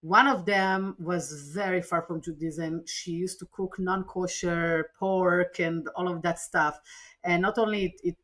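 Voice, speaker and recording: A woman with a fairly low, unhurried voice is being interviewed on a podcast, telling a personal story with earnest animation. She keeps breaking off and restarting her sentences.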